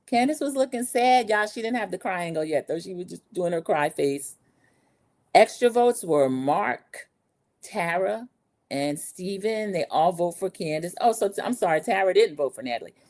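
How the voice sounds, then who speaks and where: A woman in her 40s hosts a recap show, running through a TV episode at normal speed in a chatty, sassy, gossipy way. Her voice is lowish, and she quotes cast members in lively put-on voices.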